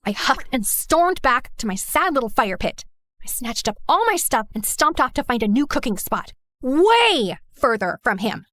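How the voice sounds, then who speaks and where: A woman's voice: high-pitched, very animated, normal speed, fairly bright tone, no room sound. A young woman narrating her own story in the first person, dramatic and sassy, jumping between asides and exclamations. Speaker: narrator and lead character.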